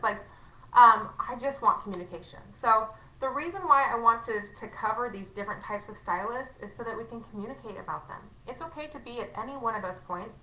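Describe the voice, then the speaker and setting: A woman's voice: medium pitch, quick pace, bright, forceful tone, roomy sound, low-quality recording. A woman leading a sales team, giving a candid and emphatic training talk in casual language, sometimes acting out conversations. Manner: candid, emphatic, acts out quoted exchanges.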